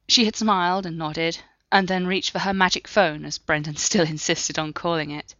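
A woman narrating a story in a steady, measured reading. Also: low voice, no echo, muffled recording. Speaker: audiobook narrator. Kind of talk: scripted narration.

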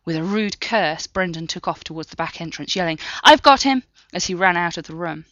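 A woman narrating a story in a steady, measured reading. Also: lowish voice, dry recording, highs cut off. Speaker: audiobook narrator. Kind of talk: scripted narration.

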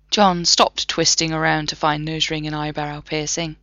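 A woman reading fan fiction aloud with expressive, playful storytelling. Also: low-pitched, moderate pace, hardly any pauses, no room sound, highs cut off. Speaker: reader.

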